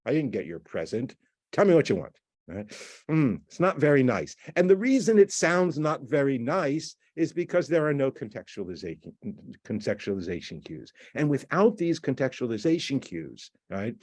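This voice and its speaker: A man's voice: medium pitch, darkish tone, no room sound. Man lecturing in a dry, close room. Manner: explanatory, repeats words, acts out quoted texts. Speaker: university lecturer. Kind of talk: recorded lecture.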